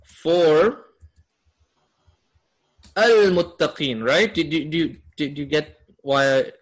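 A man with a fairly high voice teaches a class on Quranic Arabic. He keeps quizzing his students and laughs often as he goes. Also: slow. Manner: asks students questions, upbeat with laughs. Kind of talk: classroom lesson.

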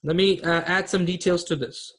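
High-voiced man teaching grammar online. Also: fairly even intonation, normal speed, fairly bright tone, slightly rough. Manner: patient, repeats terms and checks understanding with the class. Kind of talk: online class lecture.

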